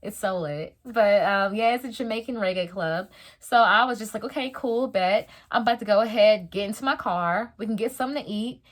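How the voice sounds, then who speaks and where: A young adult woman telling a story in a casual storytime vlog, slangy and animated, acting out the voices of the people in it. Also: mid-range voice, a little fast. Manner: animated, slangy, dramatic retelling. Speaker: vlogger.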